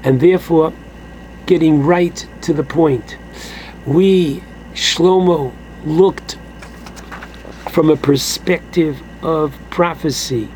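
Slow, high-voiced man teaching Torah. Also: a little mellow, a little hiss or hum, poor audio. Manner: slow and emphatic, with exclamations like "oh my goodness". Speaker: rabbi teaching a Torah class. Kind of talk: Torah lesson, translating Aramaic phrase by phrase.

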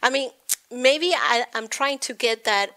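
A woman from Argentina with an Argentine Spanish accent, a guest chatting casually and animatedly about her home cooking. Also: measured pace. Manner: animated, laughs often, lively pitch jumps. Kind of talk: casual chat.

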